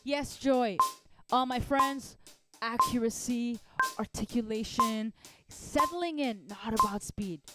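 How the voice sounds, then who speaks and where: Upbeat woman teaching drums over loud drumming. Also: fairly high pitch, slow pace, over loud music. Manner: upbeat, encouraging, counts out loud. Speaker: drum teacher. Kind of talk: live online drum lesson.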